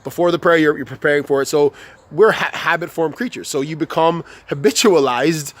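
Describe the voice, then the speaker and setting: Young dude ranting and cussing on his vlog, high voice, keeps tripping over his words. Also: fairly quick. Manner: profane, repetitive, heated and restarting. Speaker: vlogger. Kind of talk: unscripted motivational rant.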